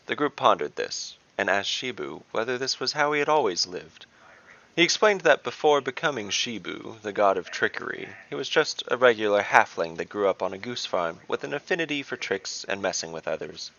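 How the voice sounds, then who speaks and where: Guy narrating a fantasy story, low gravelly voice, lively, dull dry recording. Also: a little fast, no room sound. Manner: expressive storytelling.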